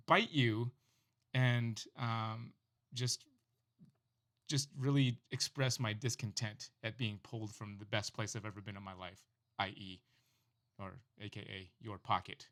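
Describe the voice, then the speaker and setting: A man voicing a grumpy young male pet snake that complains slowly and sulkily. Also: mid-range voice, steady tone, a bit bright, natural voice. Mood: sulky.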